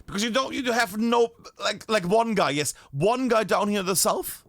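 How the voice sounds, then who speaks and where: A German man from northern Bavaria casts a live shooter match in a high voice, chatty and animated, swearing casually now and then. Gunshots sound faintly behind him. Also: moderate pace. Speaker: esports caster. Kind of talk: live game commentary.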